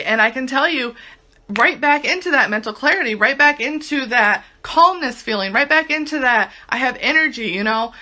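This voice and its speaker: A woman's voice: a little high, sharp tone. A young woman giving a casual home testimonial, chatty and full of "like". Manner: chatty, says "like" constantly. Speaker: product reviewer.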